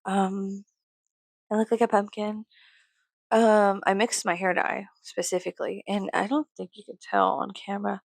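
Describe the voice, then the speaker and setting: A woman vlogger ranting in a casual, rambling way, full of swearing, jumping from loud outbursts to low mutters. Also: flat delivery, moderate pace, creaky, no echo.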